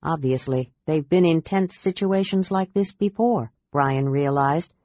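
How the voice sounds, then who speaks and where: A woman narrating a fantasy audiobook in an even, clear storytelling manner. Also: on the low side, dry recording. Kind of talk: scripted narration. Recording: dull dry audiobook recording.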